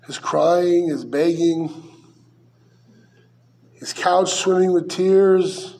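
Male pastor, high-pitched, conversational verse-by-verse sermon delivery with rhetorical questions. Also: steady tone, drawn-out words, darkish tone.

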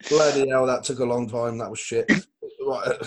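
A man's voice: medium pitch, fairly even intonation, moderate pace, noisy background. A man hosting a podcast, joking and swearing through casual banter. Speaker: podcast host.

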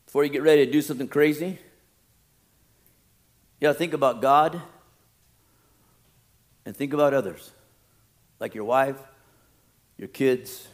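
A middle-aged man preaching a sermon as pastor, swinging from loud emphatic peaks to quiet low asides and jokes.

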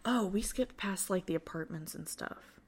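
A woman co-hosting a podcast, casually recapping a reality show, animated and swearing freely as she acts out what people said. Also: fairly low pitch, normal speed, breathy edge. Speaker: podcast co-host.

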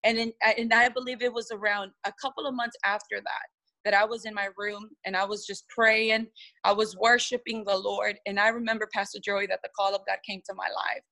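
Woman, lead pastor, earnest emotional testimony, bright tone. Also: mid-range voice, flat delivery, a little fast, poor audio. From United States. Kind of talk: testimony in a podcast interview.

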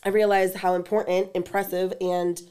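A woman's voice: lowish voice, flat delivery, moderate pace, warm tone, clear, resonant tone. Candid woman telling a personal story. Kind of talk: casual chat.

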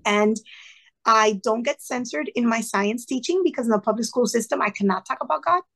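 A woman with a somewhat high voice tells stories casually as an interview guest. She is lively and acts out what people said, now and then dropping in a Spanish phrase. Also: a little fast. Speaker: podcast guest, retired teacher.

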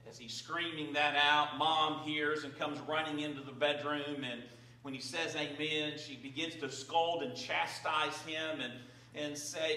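A man's voice: on the high side, fairly even intonation, a little slow, sharp tone. A man preaching a sermon as pastor, praying and then talking conversationally with fillers. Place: church sanctuary. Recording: roomy, distant from the mic.

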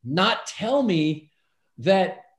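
Middle-aged man, guest storyteller, lively acted-out voices, slightly high voice, roomy echo. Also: drawn-out words. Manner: animated storyteller, acts out voices. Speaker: podcast guest, businessman. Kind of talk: storytelling in a casual interview.

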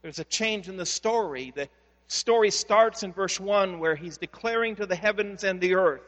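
High-voiced preaching pastor in a reverberant hall. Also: male voice, a bit bright. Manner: conversational storytelling with repeated word restarts; rises to slow, emphatic preaching. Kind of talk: sermon.

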